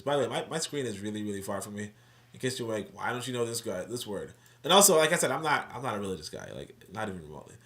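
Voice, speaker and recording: A man's voice: fairly low pitch, sing-song, rapid-fire, a bit bright. A man hosting a live stream, talking casually in a rambling, profane and self-correcting way. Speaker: livestream host. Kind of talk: casual unscripted commentary.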